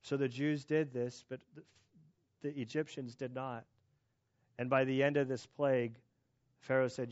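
A man's voice: medium pitch, steady tone, moderate pace, darkish tone, no echo, muffled recording. A man in his thirties preaching a sermon as pastor, in a loose conversational way with restarts and asides.

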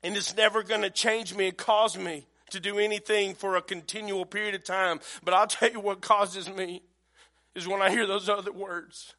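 A man's voice: high voice, flat delivery, normal speed, sharp tone. A middle-aged man preaching a sermon in a folksy, conversational way. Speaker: pastor.

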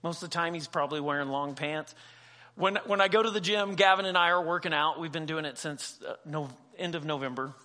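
Bright-voiced pastor, high for a man. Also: a little fast. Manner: conversational, acts out dialogue in quoted voices; humorous asides. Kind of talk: sermon.

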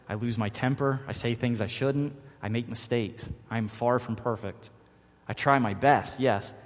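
A man, a father, preaching a sermon as pastor, earnest and repeating key phrases for emphasis. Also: fairly low pitch. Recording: long reverb of a large hall.

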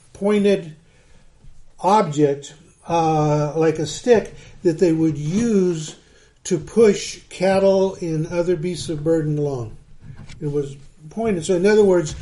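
Man, pastor, middle-aged, warm mellow tone, conversational Bible teaching, repeats words. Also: high-pitched.

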